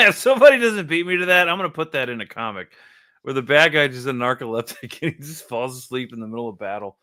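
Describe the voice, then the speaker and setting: A man with a bright, forceful voice chats casually about comics and laughs easily, often restarting his sentences. His voice sits in a middle range. The sound is dry and close, with no room echo. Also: medium pitch, lively intonation, quick pace. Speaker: podcast co-host reviewing comics. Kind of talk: casual chat.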